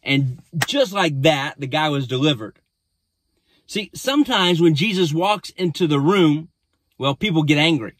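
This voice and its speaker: A man's voice: fairly high pitch, animated, unhurried, fairly bright tone, no room sound. A man, a pastor, recapping a sermon in a casual storytelling way with frequent restarts.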